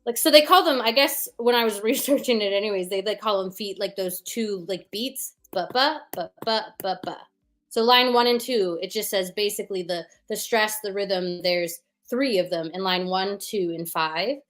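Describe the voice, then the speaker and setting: This medium-pitched woman speaks at a normal speed with few pauses and a fairly bright tone. As a guest, she performs puns and talks casually about her writing process, full of fillers and explaining through rhythm sounds.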